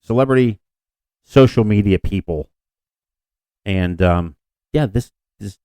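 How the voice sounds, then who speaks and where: A man's voice: on the low side, takes it slowly, dark tone, no echo. A man co-hosting a podcast in casual chat, rambling and self-deprecating with frequent restarts. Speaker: podcast co-host.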